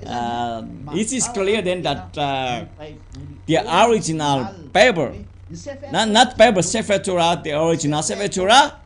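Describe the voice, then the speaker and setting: A man preaching a teaching sermon in halting English, full of fillers and repeated words. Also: a little high, expressive, creaky.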